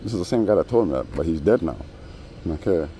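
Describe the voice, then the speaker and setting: Low-voiced man rambling through a story. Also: expressive, quick pace, warm tone, husky. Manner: rambling, street slang, frequent "you know". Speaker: vlogger. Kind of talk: casual storytelling monologue.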